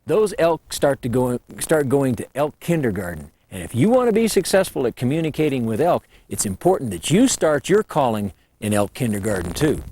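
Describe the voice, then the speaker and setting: A man teaching elk calling in a folksy, lively way, breaking into high call demonstrations. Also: normal speed, hardly any pauses, slight background noise. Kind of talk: instructional talk.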